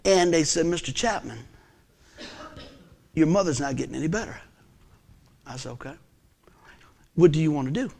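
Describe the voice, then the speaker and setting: A man, preaching a sermon as a folksy storyteller whose delivery swings from loud bursts to hushed asides. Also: on the high side, animated, moderate pace, creaky, pauses often. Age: 50s.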